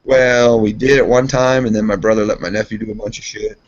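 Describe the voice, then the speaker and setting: A man's voice: lowish voice, steady tone, fairly quick. Profane, rambling man on lo-fi audio. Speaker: guest, steel mill worker. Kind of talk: casual chat. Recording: dull lo-fi podcast audio.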